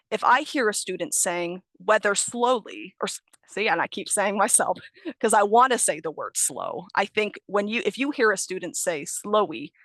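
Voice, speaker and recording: A woman's voice: mid-range voice, a bit bright, no room sound. A young adult woman from the United States, an ESL teacher giving an online training talk, explaining patiently and correcting herself as she goes. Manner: explanatory, self-correcting, light laughs. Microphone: video call.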